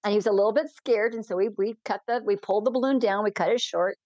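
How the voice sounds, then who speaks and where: A woman balloon pilot telling heartfelt stories as a guest in an interview, animated and quick in bursts. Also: medium pitch, no echo. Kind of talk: emotional storytelling in a podcast interview.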